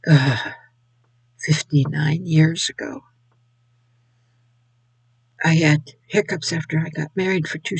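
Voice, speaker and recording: Slow, gravelly older woman. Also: low voice, no echo, rough recording. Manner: halting, repeats words. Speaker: Christian video speaker. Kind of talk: personal faith testimony.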